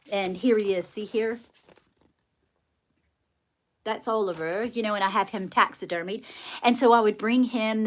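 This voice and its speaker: A woman with a light, adopted British RP accent hosting a casual livestream, gushing and affectionate, calling viewers darling and saying little often. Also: medium pitch. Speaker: livestream host and children's book author.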